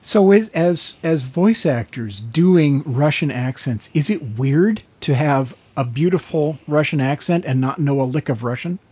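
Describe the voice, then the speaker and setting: A man hosting a casual panel chat with voice actors, asking halting questions. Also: a little high, animated, mellow, a little hiss or hum. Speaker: host.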